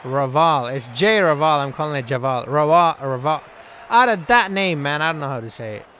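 Excitable man narrating his cricket game. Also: a little high, fairly quick, slight background noise. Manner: excitable, jokey, scolds the game's players aloud. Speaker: gaming channel host. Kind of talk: casual gameplay commentary.

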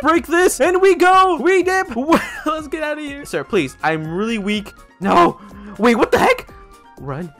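Young male gaming commentator, very high and bouncy voice, hyped and shouty, faint music underneath. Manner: hyped, keeps calling out to "boys", yelps and laughs at plays. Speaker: gaming YouTuber. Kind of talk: excited gameplay commentary.

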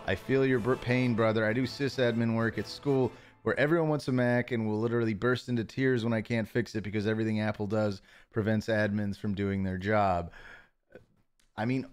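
A man's voice: lowish voice, steady tone, fairly quick, clean tone. A male streamer in his home office, reading out chat messages and thanking viewers in a casual, stammering, self-mocking way.

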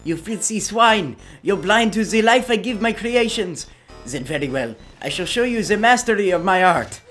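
A man's voice: high-pitched, lively intonation, moderate pace, a bit bright, soft background music, pitched above the performer's own voice. A man voicing a vain, theatrical male ghost painter with a put-on accent and grandiose delivery. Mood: indignant.

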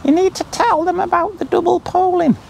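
A man voicing a talking tent that is sulky and scolds its owner in a high squeaky put-on voice. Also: fairly even intonation, brisk, creaky, a little mellow, slight background noise, heavily acted, low-quality recording. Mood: scolding.

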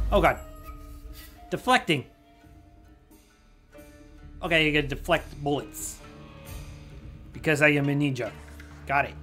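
A gaming channel host giving let's-play commentary, loud and exclamatory, yelling at enemies and making sarcastic asides. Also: mid-range voice, moderate pace, long pauses, faint music behind.

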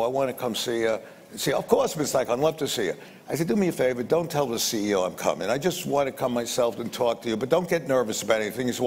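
A man's voice: medium pitch, darkish tone. Blunt older man telling stories in a reverberant room. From United States. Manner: blunt, acts out the dialogue in his stories, with punchy repetitions. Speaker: businessman interviewee. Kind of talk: anecdotal storytelling. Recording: reverberant room with faint background noise.

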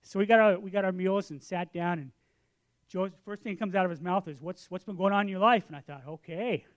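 A man in his sixties delivering a sermon, his voice sitting high. He tells stories with energy and acts out both sides of a conversation. Then he settles into a quieter, earnest tone for the point he is making. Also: brisk. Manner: drops to a quiet, earnest tone for the lesson. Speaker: preacher. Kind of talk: sermon with storytelling.

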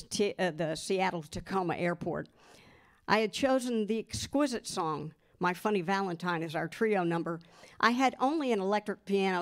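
A woman reading a first-person memoir aloud to an audience, expressive and lively, giving the quoted lines their own voices. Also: medium pitch. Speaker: guest reader.

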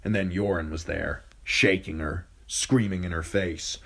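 Low-voiced male audiobook narrator. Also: normal speed, vocal fry, few pauses. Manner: steady storytelling with occasional slips. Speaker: audiobook reader. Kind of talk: scripted narration.

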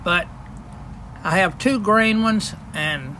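Bright high-voiced man in his eighties. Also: takes it slowly, slight background noise. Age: 80s. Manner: plain, matter-of-fact, brief answers. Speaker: guest, retired principal.

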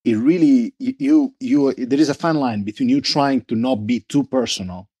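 A man being interviewed about the brand he founded, talking casually and haltingly, often restarting as he searches for words. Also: mid-range voice, mellow, breathy edge, dry recording. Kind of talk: casual conversation.

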